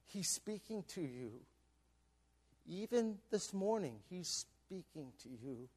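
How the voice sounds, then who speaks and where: A middle-aged pastor preaching in a church with a strikingly high voice. He swings from ringing, emphatic lines down to hushed, almost whispered ones. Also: big pitch swings, slow pace, husky. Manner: preaching with big swings from loud to near whisper. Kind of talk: sermon. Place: church sanctuary.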